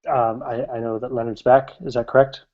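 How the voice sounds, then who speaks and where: A man's voice: mid-range voice, flat delivery, a little fast. A man narrating as game master of a tabletop game, casual and rambling, laughing often, on a muffled recording.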